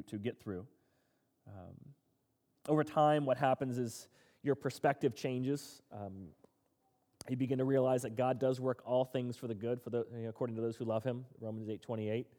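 A man's voice: medium pitch, dark tone. A man preaching a conversational sermon who acts out quoted complaints in a raised voice. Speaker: pastor. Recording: long hall reverb.

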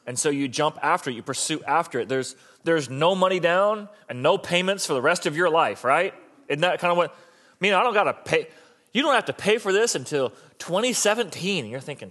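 A man's voice: fairly high pitch, lively intonation, fairly quick, a bit bright. A man preaching a conversational, joking sermon, often restarting his sentences mid-thought. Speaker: pastor.

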